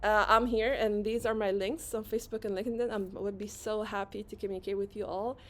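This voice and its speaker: A woman whose first language is Arabic, giving a fast-paced, energetic motivational talk at an online conference and repeating phrases for emphasis. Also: mid-range voice. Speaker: conference speaker. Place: online session.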